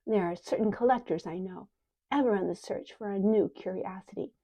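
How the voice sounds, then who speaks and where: A woman voicing a greedy, dwarfish old woman who croaks and hisses her words, sharp-tongued and wheedling. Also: mid-range voice, fairly quick, close to an everyday voice. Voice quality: croaking, hissing. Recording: dull lo-fi recording.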